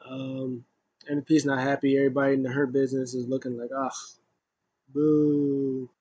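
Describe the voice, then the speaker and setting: A man's voice: medium pitch, completely flat delivery, fast, darkish tone, husky, dry recording, dull audio. A man giving a loose, rambling casual recap as a wrestling show reviewer, full of asides.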